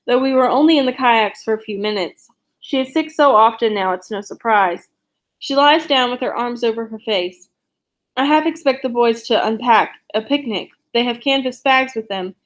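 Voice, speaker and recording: A woman reading a young adult novel aloud in steady, unhurried narration. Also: a little high. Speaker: reader of a novel.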